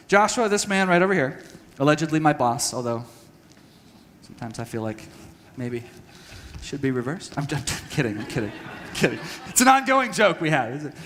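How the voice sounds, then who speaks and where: A man giving an earnest, halting talk to a church audience, telling a personal story and acting out conversations. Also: fairly high pitch, a bit bright, big-room sound. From United States. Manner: earnest, halting with restarts, acts out dialogue. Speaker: speaker at a church training session. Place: church hall.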